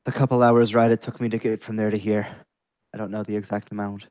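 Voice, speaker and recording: A man's voice: on the low side, level tone, quick pace, darkish tone, clear, resonant tone, no room sound. A man playing a ranger in a tabletop game, earnest and hesitant. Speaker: player.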